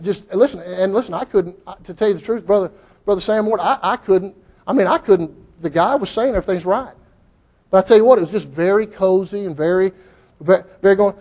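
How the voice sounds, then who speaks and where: A middle-aged man preaching in a church, his voice pitched high for a man. He talks in a folksy, rambling way, circling back on his phrases, then breaks into fervent, heated bursts. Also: a little mellow. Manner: folksy, repetitive, rising to fervent outbursts. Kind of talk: sermon.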